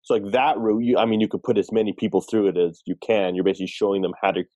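Low mellow guy, lots of "like", tentative, dry dull lo-fi recording. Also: little pitch movement, racing, no room sound. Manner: hesitant, full of "like" and restarts. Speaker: team member. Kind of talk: casual meeting discussion.

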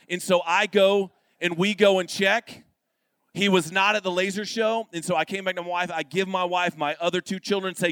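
A young man preaching as a guest pastor, his voice sitting a little high for a man. He tells his story with lively comic timing and slips into quick voices for the people in it. The sound is close and dry, with no room echo. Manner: animated, acts out quoted people with shifting voices.

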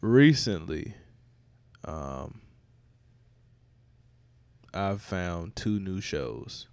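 Man, podcast host, gravelly low voice, unhurried drawl, dry close sound, joking casual chat. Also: very animated, a little mellow, no room sound. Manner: laid-back, profane, joking.

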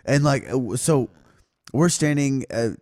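A man co-hosting a podcast in casual chat, an animated storyteller who laughs often. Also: medium pitch, unhurried, no room sound, clean studio sound. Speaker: podcast co-host.

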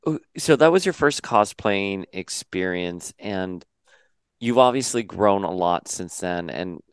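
A man hosting a podcast, interviewing a guest in casual, animated chat and swearing freely. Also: low voice, measured pace, smooth, dry recording. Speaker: podcast host.

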